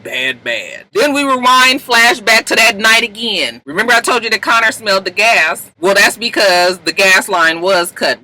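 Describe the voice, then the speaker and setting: In a low-quality recording, a woman vlogger recaps a TV episode casually and profanely, full of animation. She jumps into high voices to act out the characters.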